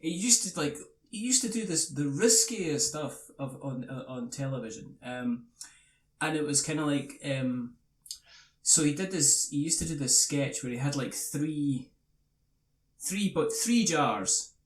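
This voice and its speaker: A man's voice: on the high side, unhurried. A man hosting a podcast, rambling in casual chat and laughing often, recorded from across the room. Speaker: podcast host. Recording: roomy, mic far off.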